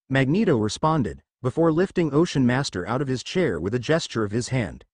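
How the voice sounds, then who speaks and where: A man's voice: mid-range voice, expressive, a little fast, hardly any pauses, a little mellow, husky, no room sound. A man narrating a fan fiction story in plain storytelling manner.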